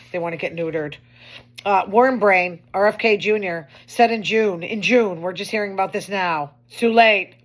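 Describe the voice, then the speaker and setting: A woman hosting her own show, talking in a chatty, wry way with complaining asides. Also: medium pitch. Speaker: host. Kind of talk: casual monologue commentary.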